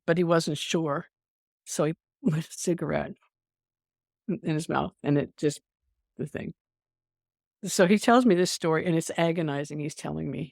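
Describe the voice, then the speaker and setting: An older woman with a gravelly, creaky edge tells stories in a close, dry recording. She is an animated storyteller, laughing as she goes and restarting her sentences as a veteran nurse guesting on a podcast. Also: sits low, no room sound. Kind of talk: casual storytelling interview.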